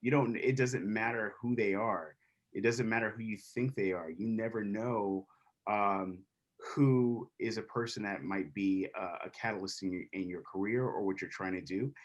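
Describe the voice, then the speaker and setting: A man's voice: on the low side, moderate pace, muffled recording. A man who works as a DJ and producer, chatting on an online panel in a friendly way and jumping in to add his points. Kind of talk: panel discussion.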